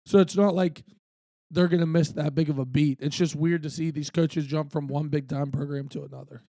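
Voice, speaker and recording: A man's voice: fairly high pitch, fairly even intonation, brisk, dark tone, no echo, studio quality. A young man co-hosting a casual sports podcast, laid-back and swearing freely. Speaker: podcast co-host.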